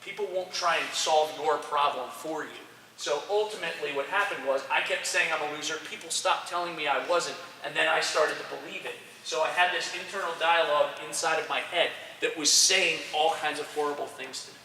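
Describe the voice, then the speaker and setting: A man coaching young soccer players, giving an energetic, direct motivational talk to a group and checking in with frequent "okay"s. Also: a little high, brisk, hardly any pauses. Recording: roomy echo, distant mic, faint noise.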